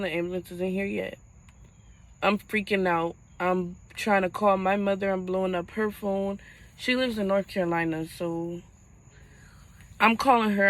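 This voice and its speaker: A young woman speaks straight to her camera in a mid-pitched voice. Her voice catches and halts as she holds back tears, and she often starts a sentence over. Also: rough recording. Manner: halting, fighting back tears. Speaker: vlogger. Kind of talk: personal storytelling vlog.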